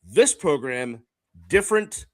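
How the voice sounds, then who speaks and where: A man hosting a sports podcast, talking in a casual, measured, reflective way with frequent fillers. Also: on the high side, very animated, dry recording. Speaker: podcast host.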